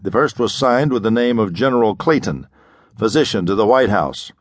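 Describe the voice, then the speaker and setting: A man with a fairly low voice narrates a vintage pulp adventure in a steady, measured read. The sound is dry and close, a clean studio audiobook take. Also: dry recording. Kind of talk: scripted narration of a pulp novel.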